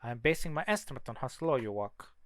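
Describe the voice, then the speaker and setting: A man's voice: mid-range voice, animated, normal speed, no echo, natural voice. Man doing a teasing brother in an odd accent. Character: cocky young male mage, teasing older brother.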